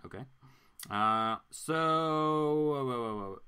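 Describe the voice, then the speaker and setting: A man's voice: medium pitch, animated, normal speed, pushed and bright. A man casually reading a comic book aloud with chatty, amused asides as host.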